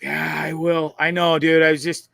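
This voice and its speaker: A man's voice: on the high side, flat delivery, moderate pace, creaky, pushed and bright, no room sound. A man hosting a live online show, casually commenting on viral videos in a profane, laughing, rambling way at a computer mic.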